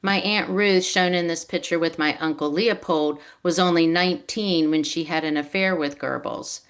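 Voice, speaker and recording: Brief: woman author with a low voice, on a video call, storytelling delivery. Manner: storytelling, acts out quoted relatives. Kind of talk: reading prepared remarks on a video call.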